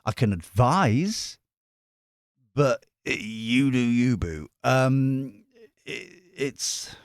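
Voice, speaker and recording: A man's voice: medium pitch, animated, drawn-out words, no echo, clean studio sound. A man, a tarot reader, chatting casually to his viewers in a rambling, playful way. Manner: rambling, self-interrupting, playful.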